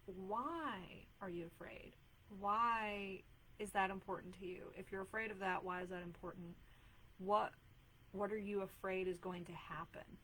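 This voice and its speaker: Brief: woman, thirties, casual live-stream coach, mid pitch, earnest and chatty, faint noise behind. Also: a bit bright, rough recording. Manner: earnest, chatty, many fillers and "like"s. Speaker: mom life coach hosting a live video.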